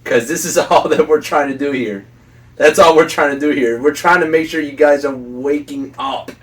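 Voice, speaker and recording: A man's voice: on the high side, normal speed, recorded from a distance. A man co-hosting a casual talk podcast, earnest and preachy, laughing often as he makes his points. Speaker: podcast co-host. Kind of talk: casual opinion chat.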